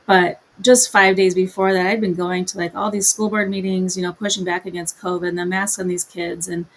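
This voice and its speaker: Flat-toned storytelling mother. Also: lowish voice, brisk, slight background noise, low-quality recording. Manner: emotional, retells conversations in quoted dialogue. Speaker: guest, mother and advocate. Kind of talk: personal storytelling in an interview.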